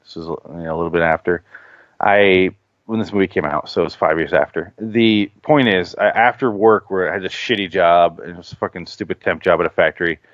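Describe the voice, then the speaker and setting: Profane, animated podcast host, low voice. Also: male voice, a little fast, no echo. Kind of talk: casual chat. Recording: dull lo-fi podcast audio.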